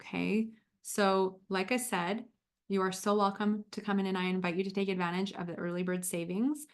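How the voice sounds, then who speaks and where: A woman's voice: mid-range voice, level tone, normal speed. Upbeat woman health coach, encouraging. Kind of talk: livestream sales talk and guided visualization.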